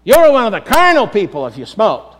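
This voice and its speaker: High-voiced man preaching a sermon. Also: huge pitch swings, fairly quick, a little hiss or hum. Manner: emphatic preaching, addresses congregation as folks. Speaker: pastor.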